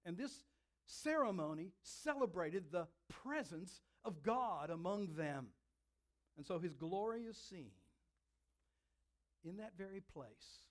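High-voiced man preaching dramatically. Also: lively intonation. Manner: dramatic, emphatic preaching with slowed stresses. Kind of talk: sermon.

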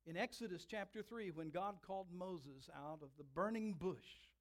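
A man with a high voice delivers a sermon with dramatic emphasis, slowing down to lean on key words. He preaches in a storytelling way to a congregation.

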